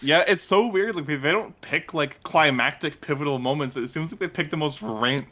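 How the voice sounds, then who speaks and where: A man's voice: fairly high pitch, moderate pace, pushed and bright. A man streaming a game with a friend, reading its dialogue aloud and chatting casually, often laughing and swearing. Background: game music.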